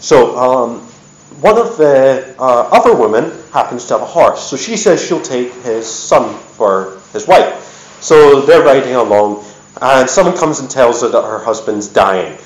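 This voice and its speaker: A man's voice: medium pitch, measured pace. Chatty man in an echoey hall. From United States. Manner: lively storyteller, chatty with many ums. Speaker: presenter. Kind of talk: storytelling history talk. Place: event hall.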